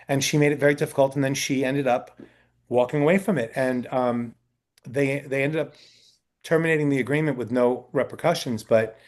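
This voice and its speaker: Chatty male talent agent telling stories. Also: mid-range voice. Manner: chatty storytelling, acting out quoted people; frequent fillers and restarts. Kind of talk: casual interview answers. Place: indoor sit-down interview.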